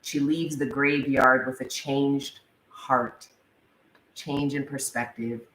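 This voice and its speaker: A woman giving a casual tarot reading in a chatty manner, swearing freely and reading the card text slowly. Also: very deep voice, fairly even intonation, fairly bright tone. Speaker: tarot reader. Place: indoors, room with a live wasp. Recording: echoey room, faint background noise.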